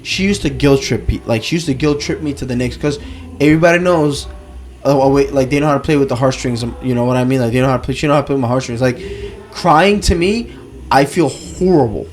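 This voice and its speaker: A man telling a story in casual podcast chat, animated, swearing a lot and leaning on "like". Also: mid-range voice, fast. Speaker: podcast co-host.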